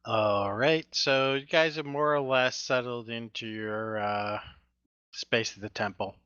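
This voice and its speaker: Dungeon master, man, bright dry voice, easygoing halting narration, dull lo-fi mic. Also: mid-range voice, clear, resonant tone, dry recording. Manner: relaxed, halting narration with fillers. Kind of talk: running a tabletop game over voice chat.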